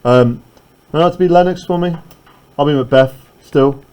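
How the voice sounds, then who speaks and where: A man's voice: a little high, moderate pace, a little mellow, clear, resonant tone, rough recording. A male teacher leading a classroom literature lesson, talking conversationally and often checking in with "right?".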